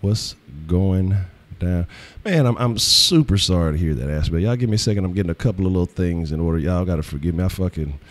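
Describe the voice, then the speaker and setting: A hoarse man hosting a casual live sports stream, loose and profane, often restarting his sentences. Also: low-pitched, fast talker, hardly any pauses. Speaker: host.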